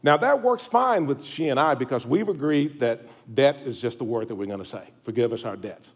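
A man's voice: medium pitch, animated, fairly quick. A middle-aged man, preaching a sermon to his congregation in a folksy, humorous way. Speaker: pastor. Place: church sanctuary.

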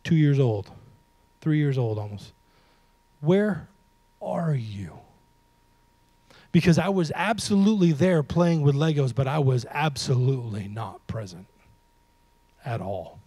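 A man preaching a sermon, animated and humorous, talking straight to his audience and dropping to a hush for emphasis. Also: mid-range voice, moderate pace, no room sound. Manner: animated, swings from loud to hushed for emphasis; humorous, talks to the audience directly. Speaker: pastor.

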